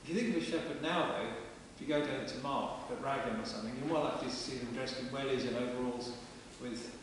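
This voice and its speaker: A man's voice: mid-range voice, fast. A man preaching a sermon in a parish church, in a chatty, plain-spoken way. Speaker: vicar. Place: large stone parish church. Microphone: distant camera mic. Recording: echoey church from far off with hiss.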